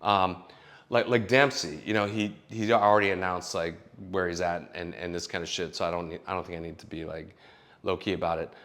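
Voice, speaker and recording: A young man, a screenwriter in Los Angeles, giving blunt, casual advice in an animated way, swearing often and restarting his sentences. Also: sits low, brisk.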